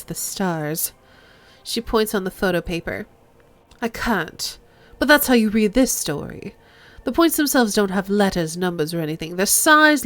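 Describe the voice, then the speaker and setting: A woman voicing a poised, unperturbed middle-aged negotiator who speaks in a measured, formal way. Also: lowish voice, close to an everyday voice.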